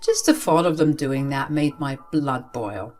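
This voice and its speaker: A woman's voice: a bass voice, a little slow, darkish tone, faint music behind. A young woman narrating a first-person story in an emotive, heartfelt way.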